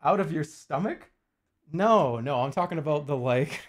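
A man's voice: fairly high pitch, expressive, moderate pace. A man streaming casually, joking and swearing freely, arguing with his chat and muttering while he works on a jigsaw puzzle.

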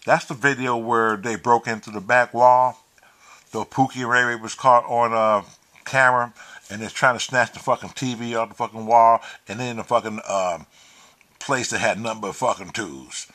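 A man telling a profane, animated story, acting out the quotes. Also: medium pitch, normal speed. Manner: animated, swears freely, acts out quotes. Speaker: vlogger.

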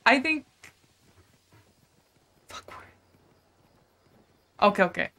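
A woman's voice: a little high, animated, extremely slow, bright, forceful tone. A young woman streaming a game, chatting casually and giggling with her viewers, swearing now and then. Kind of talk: casual live-stream chat while gaming.

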